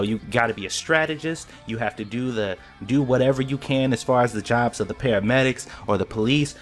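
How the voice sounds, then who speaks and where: Man, mid-range voice, casual reaction vlogger, excited and rambling, faint music bed. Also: mid-range voice. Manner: excited, rambling with frequent restarts.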